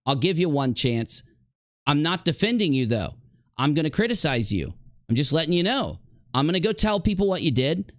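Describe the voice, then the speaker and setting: Angry streamer guy calling someone out, dry close sound, bouncy pitch. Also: dry recording. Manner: heated, confrontational, addressing a rival directly. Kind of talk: livestream rant.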